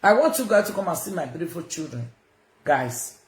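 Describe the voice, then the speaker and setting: A woman's voice: on the low side, very animated, fairly quick, roomy sound. A woman with a Nigerian accent, ranting confrontationally to viewers on a livestream and slipping into Pidgin. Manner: loud, confrontational, mixes in Pidgin. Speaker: social media personality. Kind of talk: livestream rant.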